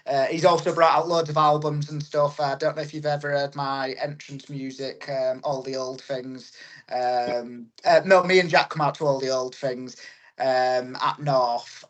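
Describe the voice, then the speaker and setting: A man in his thirties, a wrestler and promoter, chatting in a podcast interview, rambling along and laughing often. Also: medium pitch. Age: 30s. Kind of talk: casual podcast chat.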